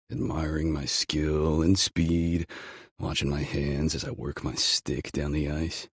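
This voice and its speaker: Deep, husky male audiobook narrator. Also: little pitch movement, slow pace, dry recording, clean studio sound. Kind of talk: first-person romance audiobook narration.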